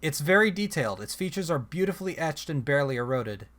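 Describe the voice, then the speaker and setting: A man's voice: a little high, sing-song, fast, fairly bright tone. A man hosting a let's play, reading a text adventure aloud in a casual style and breaking off for chatty asides and self-corrections. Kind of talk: casual game narration with asides.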